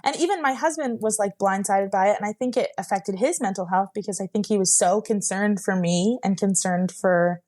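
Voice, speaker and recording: Young woman telling her story, rambly, says like a lot, mid pitch voice. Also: fairly quick, hardly any pauses, darkish tone. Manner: rambling, heavy use of "like", laughs while telling. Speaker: guest sharing her story. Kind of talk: casual personal storytelling.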